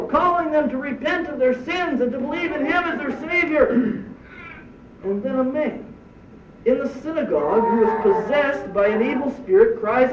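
Guy preaching a sermon, high voice, emphatic, heard from across an echoey room. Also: moderate pace, slight background noise. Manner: emphatic preaching with rhetorical questions. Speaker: pastor. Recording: echoey distant dull church recording.

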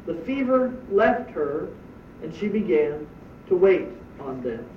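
Guy preaching a sermon, high voice, emphatic, heard from across an echoey room. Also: very animated, slow pace, background noise. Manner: emphatic preaching with rhetorical questions. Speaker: pastor. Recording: echoey distant dull church recording.

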